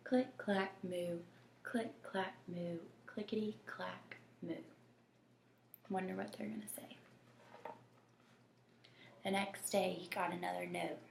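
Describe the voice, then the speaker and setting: A woman reading a children's picture book aloud, slow and gentle, often dropping to a whisper. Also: fairly low pitch, fairly even intonation, vocal fry. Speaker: storybook reader. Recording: echoey room with faint noise.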